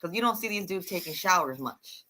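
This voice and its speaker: A woman's voice: fairly low pitch, lively intonation, fairly quick, bright, forceful tone. A woman co-hosting a live TV recap, casual and blunt, stressing her points with emphatic reactions. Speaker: show co-host.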